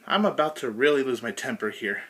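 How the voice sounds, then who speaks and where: Slow, frustrated man ranting in a review. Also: medium pitch, sharp tone, a little hiss or hum. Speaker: episode reviewer. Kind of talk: cartoon episode review rant.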